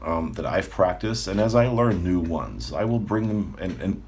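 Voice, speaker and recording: A man's voice: sits low, normal speed, slight background noise. A man talking casually as a coach, checking in with listeners often and laughing now and then. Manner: relaxed, conversational, frequent "right?" check-ins, laughs often. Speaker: manifestation coach. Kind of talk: casual talk to camera.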